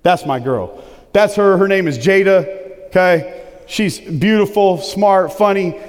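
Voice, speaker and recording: Middle-aged male pastor, high and booming, big emphatic sermon voice, long hall reverb. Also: slow pace. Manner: loud booming preaching voice, lively and emphatic.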